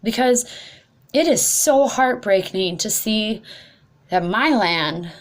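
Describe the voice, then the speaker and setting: A young woman giving an impassioned speech, her voice rising and growing loud when upset, often tripping over words and apologizing. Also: medium pitch, animated, slow pace. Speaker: speaker at a protest talk.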